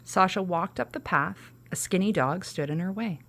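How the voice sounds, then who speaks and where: Low, gravelly woman reading a storybook. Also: normal speed, a bit bright. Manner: storybook narration with casual asides. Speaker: podcast host. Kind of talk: reading a children's storybook aloud.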